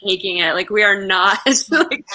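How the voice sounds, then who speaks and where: A woman's voice: mid-range voice, lively intonation, a little slow, bright, forceful tone, low-quality recording. A woman chatting casually, giggling often. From Canada. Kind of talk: casual group chat.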